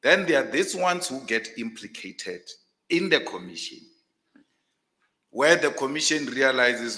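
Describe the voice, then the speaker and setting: Forceful South African man with a bright voice. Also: medium pitch, animated, a little slow, in a large hall. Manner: forceful, emphatic and insistent. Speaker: panel commissioner. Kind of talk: formal panel questioning.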